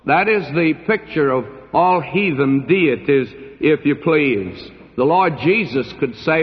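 An older man delivers a sermon in an unhurried, measured cadence, leaning on long pauses for weight. His voice carries through a large hall with a lingering reverb. The recording itself sounds dull and dated. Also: fairly high pitch, expressive. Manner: slow, deliberate preaching with dramatic pauses. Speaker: pastor.

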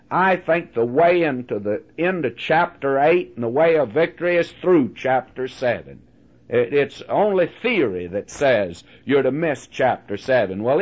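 Folksy older man preaching a sermon, lo-fi. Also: fairly high pitch. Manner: folksy, earnest preaching with homely illustrations. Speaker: radio Bible teacher. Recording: dull lo-fi recording.

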